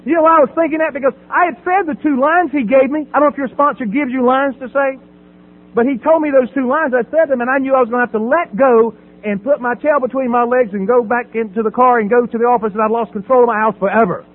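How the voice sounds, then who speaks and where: A middle-aged man giving a personal testimony at a recovery meeting podium, dramatic, swinging from loud emphasis to hushed quiet. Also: extremely high pitch, fast, narrow, tinny audio. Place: at a podium before an audience. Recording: phone-thin audio with faint hum.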